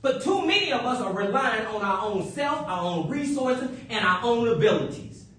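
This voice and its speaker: A man preaching a sermon, animated and playful, breaking into high whoops and chuckles. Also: normal speed. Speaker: pastor. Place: church sanctuary. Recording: echoey church from a distant mic.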